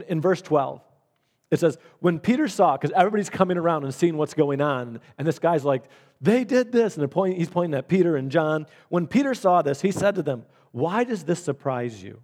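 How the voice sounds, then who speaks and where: A man's voice: on the high side, darkish tone. A man preaching a sermon, telling a personal story in an earnest way with frequent restarts. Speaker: pastor.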